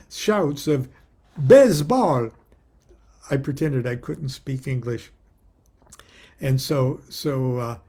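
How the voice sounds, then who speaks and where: A man's voice: medium pitch, vocal fry, mellow. A man reading his own book aloud, a wry, chuckling storyteller who breaks off into personal asides.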